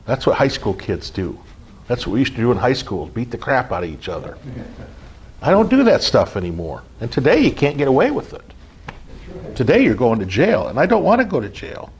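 A middle-aged spiritual group leader with a medium-pitched, slightly rough voice gives an informal teaching. He's earnest and repetitive, frequently checking in with listeners by asking "okay?"

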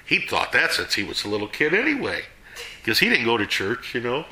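A man giving a casual sermon to a small group, folksy and animated, jumping between loud and hushed. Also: medium pitch, brisk, echoey room. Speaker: Bible teacher.

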